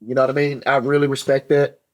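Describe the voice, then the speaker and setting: A man hosting a podcast in a relaxed, encouraging way, often adding "man" to his sentences. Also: medium pitch, fast talker. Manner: laid-back and encouraging, says "man" a lot. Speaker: podcast host. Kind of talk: casual chat.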